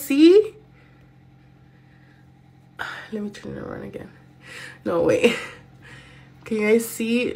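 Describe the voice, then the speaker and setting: A woman's voice: mid-range voice, slow pace, creaky, pauses often, a little mellow. A woman in her thirties vlogging at home while she gets ready in the morning. She chats straight to her viewers on a phone camera and uses plenty of fillers. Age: 30s. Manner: chatty, talks straight to viewers with many fillers. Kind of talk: casual vlog addressing viewers.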